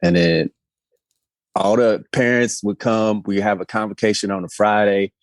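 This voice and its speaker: Low-voiced man, laid-back and profane. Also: fairly even intonation, moderate pace, dry recording. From Indiana. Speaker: podcast co-host. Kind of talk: casual comedic chat.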